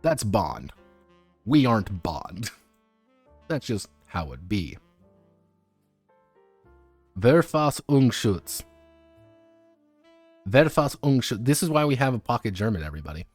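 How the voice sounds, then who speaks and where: A man's voice: on the low side, very animated, moderate pace, husky, faint music behind. A man streaming casual commentary on tabletop games, rambling with frequent stumbles, restarts and offhand swearing.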